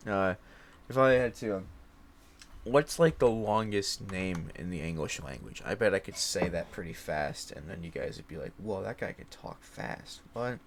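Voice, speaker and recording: A man's voice: moderate pace, a little hiss or hum. A young man rambling in a casual monologue, circling back with fillers and restarts and laughing at himself. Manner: rattling off a long string of mock-German names, rising higher and louder. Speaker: host.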